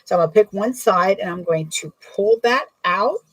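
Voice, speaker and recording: A woman's voice: mid-range voice, animated, moderate pace, fairly bright tone, slightly rough, dry recording, far from the mic, poor audio. A woman in a casual sewing tutorial, rambling and correcting herself as she works. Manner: chatty, rambling, self-correcting while working. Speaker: bag maker demonstrating sewing.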